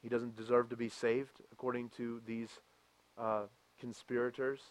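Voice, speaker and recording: A man preaching a sermon as a pastor, reading scripture aloud and moving from quiet reflection to loud, impassioned preaching. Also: mid-range voice, level tone, moderate pace. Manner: reads scripture aloud with emphasis.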